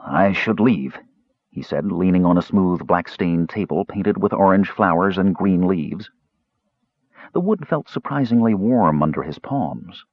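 A man narrating a fantasy audiobook in an expressive storytelling manner, in a dull, dry recording. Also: deep voice, a little slow, husky, no room sound.

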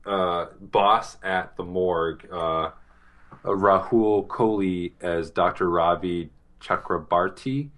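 A man with a Boston accent co-hosting a casual TV review podcast, talking in a halting way with many fillers and restarts. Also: low-pitched, a bit bright. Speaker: podcast co-host.

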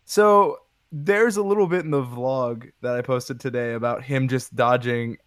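A man's voice: mid-range voice, a little slow, fairly bright tone, clean tone, dry recording, clean studio sound. A man who is a guest on a podcast, telling an anecdote with animation and chuckling between lines. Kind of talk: casual storytelling on a podcast. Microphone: computer mic on voice chat.

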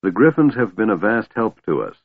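A man's voice: lowish voice, very animated, brisk, husky, no echo, heavily acted. A man voicing a weary, bitter young elf woman commander, sighing through her lines. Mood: tired resolve. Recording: tinny phone-like line, dry.

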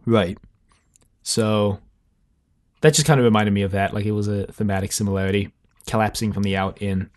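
A man with a fairly low voice co-hosts a casual podcast. He rambles as he thinks aloud, circling back with fillers and restarts. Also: steady tone, normal speed, long pauses. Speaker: podcast co-host.

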